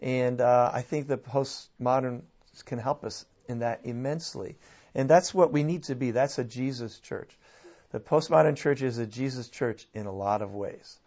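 Animated man on a dull lo-fi recording. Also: mid-range voice, normal speed. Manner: animated, restarts often, laughs. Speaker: guest speaker on church and culture. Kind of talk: conversational discussion. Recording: dull lo-fi sound.

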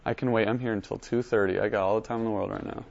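A man teaching a high school Bible lesson, coaxing students to read aloud with conviction. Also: steady tone, racing, vocal fry, darkish tone, dull audio.

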